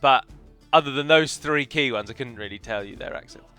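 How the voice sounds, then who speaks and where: A man's voice: mid-range voice, brisk, pushed and bright, clean tone, soft background music. A man casually commenting over a strategy game he plays, rambling into opinionated asides about pronunciation. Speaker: game modder and let's player.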